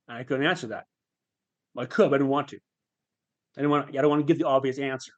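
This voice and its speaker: A male podcast guest speaking at a middle pitch, with an even, ordinary voice. He talks reflectively and haltingly, often pausing and restarting as he recounts his experience. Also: lo-fi sound. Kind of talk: candid personal storytelling.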